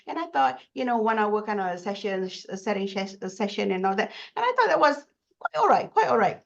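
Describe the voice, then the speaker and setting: A woman's voice: medium pitch, brisk, vocal fry, lo-fi sound. A woman trainer with a Malaysian English accent, telling stories emphatically in a casual podcast chat. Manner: animated, emphatic storyteller. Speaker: corporate trainer, podcast guest.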